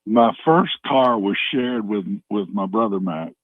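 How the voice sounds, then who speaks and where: An older man in his seventies speaking over a dull, muffled call line. He is a folksy storyteller, and his pitch swings freely as he leans into his points. The sound is dry. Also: expressive, a little slow, dry recording. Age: 70s. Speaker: guest on phone line. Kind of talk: casual radio chat.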